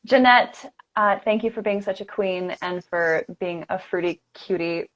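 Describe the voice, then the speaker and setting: A woman hosts a casual livestream chat and keeps affirming and agreeing with her guest. Her voice sits at a middle pitch. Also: unhurried, muffled recording. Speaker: livestream host.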